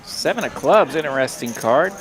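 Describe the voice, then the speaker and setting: A man's voice: on the high side, lively intonation, moderate pace. A man commentating live poker with playful, jokey banter. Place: card room broadcast booth. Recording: casino crowd noise behind.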